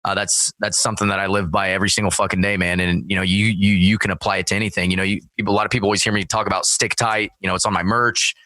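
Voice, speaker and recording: A man talks casually, telling a story peppered with swearing and with "dude" and "bro" at the ends of his lines. His voice is bright, with a crisp edge. The sound is dry and close, with no room echo. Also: deep voice, level tone, racing, few pauses. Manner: profane, storytelling, acts out quoted voices loudly. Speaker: guest. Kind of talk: casual chat.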